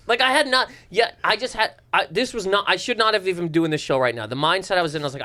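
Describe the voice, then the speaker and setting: A man from eastern Canada, a comedian telling a story in casual chat, animated and acting out voices. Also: high-pitched, fast. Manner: animated, swearing, acts out voices. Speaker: comedian guest.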